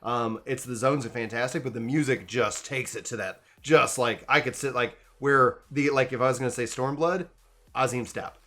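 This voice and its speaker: A man's voice: mid-range voice, moderate pace, sharp tone. Enthusiastic male podcast host. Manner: enthusiastic, rambling with restarts. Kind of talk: casual gaming podcast chat.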